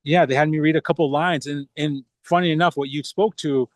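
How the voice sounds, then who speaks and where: A man's voice: on the high side, steady tone, a little fast, no room sound. A man, an actor as interview guest, talking casually and rambling with many restarts.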